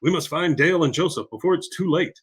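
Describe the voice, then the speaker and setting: A man voicing a stern, no-nonsense middle-aged cartoon dad, sounding firm and gruff. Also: a little high, lively intonation, fast talker, pitched above the performer's own voice.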